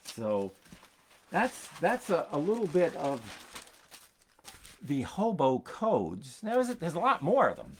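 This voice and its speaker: An older man, a folksinger hosting his own stream, telling stories in a halting way, repeating words and chuckling as he goes. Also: a little high, huge pitch swings, a little hiss or hum. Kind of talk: rambling storytelling to an online audience.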